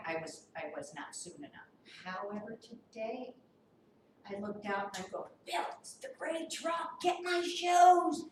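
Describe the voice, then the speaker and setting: A woman on a condo board telling an indignant, animated story at a meeting, acting out both sides of the argument. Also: mid-range voice. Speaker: board member. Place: meeting room. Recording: echoey room from far off, with noise.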